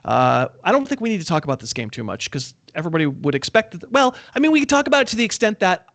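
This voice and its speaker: A man hosting a casual sports betting chat, animated and self-deprecating, often chuckling. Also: high voice, rapid-fire, vocal fry, dry recording. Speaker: sports betting podcast host.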